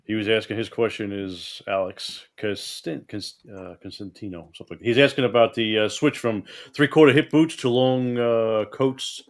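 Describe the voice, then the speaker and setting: Hesitant low-voiced male co-host. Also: normal speed, hardly any pauses. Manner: hesitant, stumbles over a viewer's question. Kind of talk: casual podcast interview.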